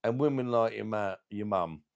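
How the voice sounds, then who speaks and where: Gravelly low man rambling crudely. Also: normal speed. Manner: crude, rambling, hesitant with many ums. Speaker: beer reviewer on a live stream. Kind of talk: crude rambling live-stream chat.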